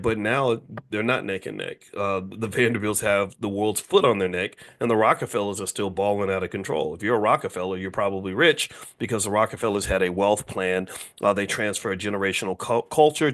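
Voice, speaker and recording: A man's voice: on the low side, a bit bright. A man in his fifties giving a casual, emphatic lecture as a finance educator, repeating key points and firing off rhetorical questions at his audience.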